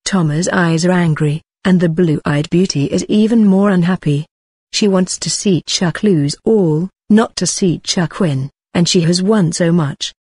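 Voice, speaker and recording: Low, breathy woman narrating a story. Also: unhurried, darkish tone, dry recording, studio quality. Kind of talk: scripted narration of a translated web novel.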